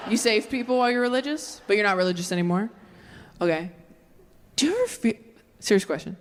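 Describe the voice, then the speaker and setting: A woman in her thirties performing a stand-up comedy set, chatting with the crowd in quick conversational asides. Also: medium pitch, lively intonation. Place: large venue with a live audience. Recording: live show with audience laughter. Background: audience laughter.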